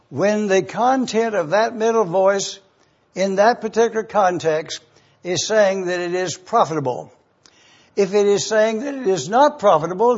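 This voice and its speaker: Male Bible teacher, high husky voice, unhurried, dull lo-fi recording. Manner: deliberate, spells out Greek words letter by letter. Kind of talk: expository sermon.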